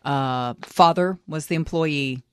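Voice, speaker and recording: A man's voice: fairly high pitch, takes it slowly, smooth, dry recording, studio quality. Easygoing male radio co-host. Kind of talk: casual talk radio banter.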